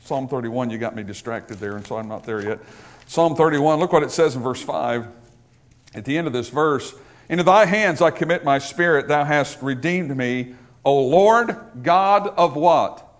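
A man's voice: mid-range voice, expressive, normal speed. A man preaching a sermon as pastor, emphatic, building through repeated rhetorical lines and questions. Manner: emphatic, rising to forceful repetition, rhetorical questions.

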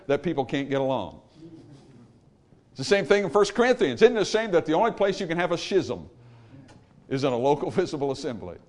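A man preaching a Baptist sermon, emphatic, swinging between loud peaks and low trailing endings, calling for amens from the congregation. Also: very animated, fairly quick, pauses often. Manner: calls for amen from the congregation. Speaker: Baptist pastor.

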